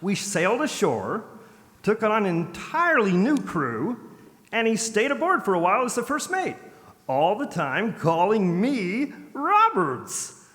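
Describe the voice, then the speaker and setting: A man's voice: high voice, huge pitch swings, measured pace, fairly bright tone, full character voice. A man playing a laid-back, rambling pirate hero. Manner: casual slacker talk, lots of "like" and "uh". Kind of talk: live stage reading of a parody script. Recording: reverberant convention hall.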